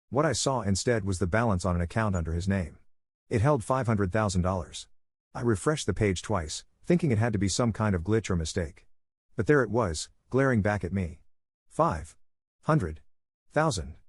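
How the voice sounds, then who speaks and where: Husky low-voiced male story narrator. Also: darkish tone, no echo, clean studio sound. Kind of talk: scripted first-person story narration.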